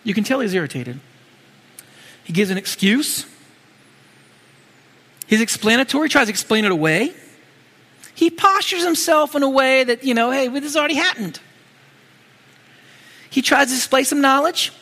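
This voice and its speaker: A man delivers a casual, animated sermon and keeps asking rhetorical questions. His voice is high and bright and swings widely in pitch. Long hall reverb trails every line. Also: normal speed, long pauses. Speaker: preacher.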